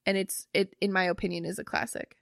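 A woman's voice: mid-range voice, fairly even intonation, fast, vocal fry, dry recording. Young woman co-host, loose chatty delivery with casual swearing, dead-dry recording. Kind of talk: casual chat.

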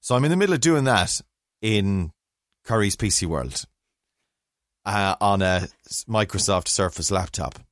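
A middle-aged Irish man co-hosting a podcast tells a long story in casual chat, rambling, mocking himself, and acting out other people's voices. His fairly low voice is expressive and measured, and although he's on a remote call mic, the recording is dry with clean studio sound.

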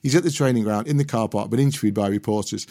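A man's voice: fairly low pitch, fast talker, mellow. A man co-hosting a football podcast over a video call, telling anecdotes with laughs in between. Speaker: podcast co-host. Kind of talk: casual football chat.

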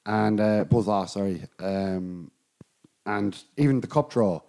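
A man's voice: fairly low pitch, takes it slowly, creaky, warm tone. An Irish man co-hosting a casual sports podcast, telling rambling anecdotes and laughing often. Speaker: podcast co-host.

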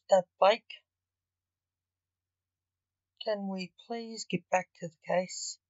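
A woman's voice: medium pitch, fairly even intonation, extremely slow, no echo. A woman voicing an impatient, frustrated male investigator in a storybook reading. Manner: frustrated, sharp. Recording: dull, dry recording.

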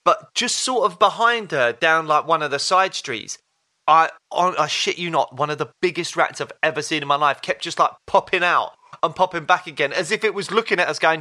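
A man in his thirties with a bright, ringing voice and a slightly high pitch. He chats casually as a podcast co-host and laughs through his anecdotes. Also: brisk. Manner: animated storyteller, laughs often. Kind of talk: casual chat.

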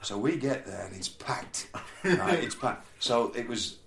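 A man's voice: mid-range voice, sing-song, a little slow, vocal fry, fairly bright tone. Man telling a rambling story. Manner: rambling, laughs through his stories. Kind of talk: casual storytelling chat. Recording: echoey room, faint background noise.

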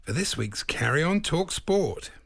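Gravelly, husky male radio co-host. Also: on the high side, very animated, a little slow, a bit bright, no echo, studio quality. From England. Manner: easygoing, laughs along. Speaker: radio co-presenter. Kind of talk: radio banter.

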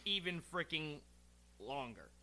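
Podcast co-host, male, high and bright, excitable rambler; loose casual banter. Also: slow pace. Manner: excitable, rambling with filler words. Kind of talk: casual chat.

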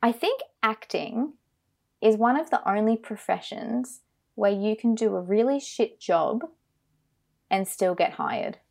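A woman's voice: mid-range voice, animated, a little slow, vocal fry, darkish tone. An Australian woman co-hosting a podcast, giving blunt, emphatic opinions in a casual film chat. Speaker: podcast co-host.

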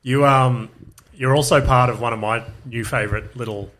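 Man, podcast host, relaxed chat, frequent short affirmations. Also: mid-range voice, moderate pace. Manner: easygoing, agreeable, many short affirmations.

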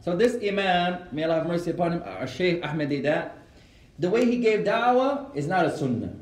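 A man teaching an Islamic class, mixing Arabic phrases into lively storytelling and answering students' questions. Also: high-pitched, fairly quick. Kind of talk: lecture with Q&A. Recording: echoey room.

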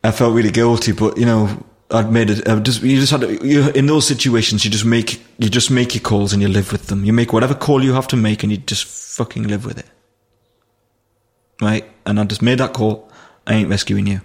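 Gravelly man. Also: fairly low pitch, fairly even intonation. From Nottingham, England. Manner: vivid, halting retelling with restarts and dialect grammar. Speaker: guest, firefighter. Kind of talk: storytelling in an interview.

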